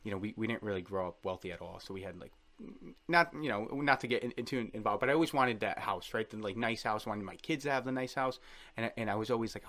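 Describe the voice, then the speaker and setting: A man's voice: on the low side, fast talker. A man in his thirties telling rambling, joking stories as a guest in a casual podcast chat. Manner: rambling storyteller, lively and joking.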